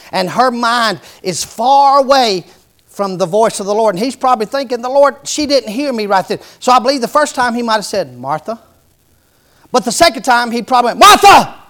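A man preaching a sermon, moving from conversational storytelling to emphatic, loud preaching. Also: sits high. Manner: preaching that builds to emphatic shouting. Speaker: traveling preacher.

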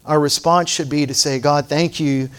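A man's voice: a little high, fairly even intonation, moderate pace, a bit bright, smooth. A middle-aged man with a slightly raised voice delivers a sermon. He tells everyday stories in a playful, folksy way, then presses his point with fervent preaching. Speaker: pastor.

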